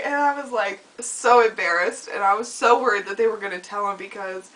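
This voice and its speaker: A young woman chatting casually on a home video, telling stories with lots of giggling and loud acted-out quotes. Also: fairly high pitch, fairly quick, hardly any pauses, distant mic, low-quality recording. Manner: giggly storytelling, acts out quoted lines loudly. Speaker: vlogger. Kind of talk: casual chat.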